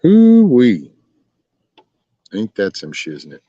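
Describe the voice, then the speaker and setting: A Texas man with a low, darkish voice hosts a casual live stream at a moderate pace, answering chat in a folksy, rambling style. There's no room sound, and the stream audio is dull and lo-fi.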